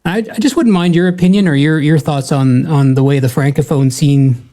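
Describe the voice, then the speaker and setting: A man's voice: fairly high pitch, moderate pace, dark tone. A man hosting an interview podcast, asking questions in a hesitant way with many fillers. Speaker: podcast host. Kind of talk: casual interview chat.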